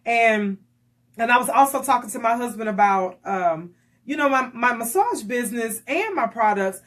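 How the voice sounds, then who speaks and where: High-voiced animated woman radio co-host. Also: moderate pace. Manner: animated storyteller who acts out quoted dialogue. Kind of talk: faith-based radio talk.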